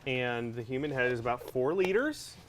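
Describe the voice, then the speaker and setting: A man's voice: medium pitch, big pitch swings, moderate pace, a little hiss or hum. A man chatting casually as a guest on a livestream, talking through his work in a laid-back way and thinking aloud. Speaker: guest prop maker.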